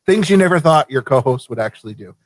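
A man from Vermont hosting a casual live show, easygoing and quick to laugh. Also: medium pitch, animated, no echo. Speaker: show host.

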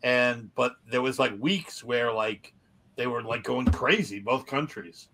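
A man's voice: mid-range voice, unhurried, pushed and bright. A man co-hosting a comedy podcast, telling a story in casual chat and laughing often. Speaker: podcast co-host.

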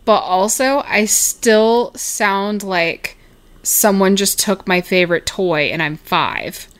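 A woman, co-hosting a podcast in casual, giggly chat. Her voice is bright and forceful, at a middle pitch. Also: slow pace, clear, resonant tone. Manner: giggly, chatty. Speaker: podcast co-host.

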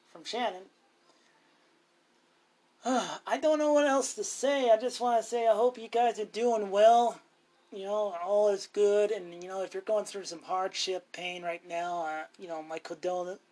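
A man's voice: high voice, a little mellow. A man hosting a casual solo podcast, rambling and cussing freely, calling himself ornery. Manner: rambling, profane, self-talking. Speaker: podcast host.

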